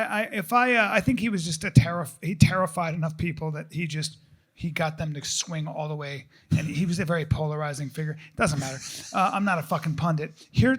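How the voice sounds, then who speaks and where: A man hosting a live podcast on stage, ranting in an excitable, profane, rambling way. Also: a little high. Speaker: podcast host.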